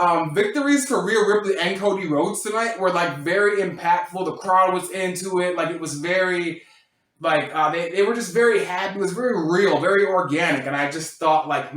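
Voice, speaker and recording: Excitable rambling man, echoey room. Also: a little high. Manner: rambling, excitable, lots of fillers and restarts. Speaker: wrestling reviewer. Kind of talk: casual spoken review.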